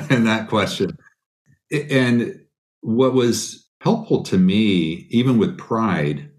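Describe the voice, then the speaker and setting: A middle-aged man, a biblical counselor, answering interview questions in an earnest, storytelling way. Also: lowish voice. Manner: earnest, animated storytelling with quoted asides. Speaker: guest, biblical counselor and author.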